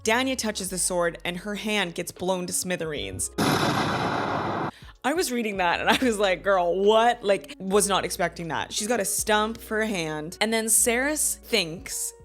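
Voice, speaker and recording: A woman in her thirties hosting a casual book club video, retelling the chapters in a gushing, animated way with quoted asides. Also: medium pitch, unhurried, soft background music. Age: 30s. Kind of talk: casual book review chat.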